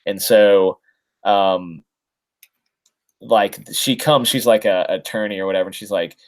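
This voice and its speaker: A man's voice: lowish voice, steady tone, unhurried, pauses often. A man co-hosting a casual comics podcast, recapping a story with lots of ums and restarts. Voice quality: rambling, many fillers. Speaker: podcast co-host. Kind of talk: casual chat.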